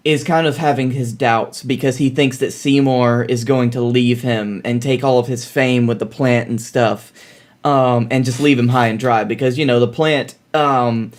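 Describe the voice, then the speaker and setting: A man co-hosting a podcast in casual chat, recapping plots at length. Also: mid-range voice. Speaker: podcast co-host.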